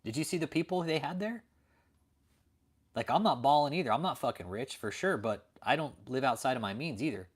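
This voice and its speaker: A man's voice: mid-range voice, lively intonation, a little fast, husky. A man hosting a late-night livestream, ranting profanely and answering viewers in chat. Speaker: livestream host.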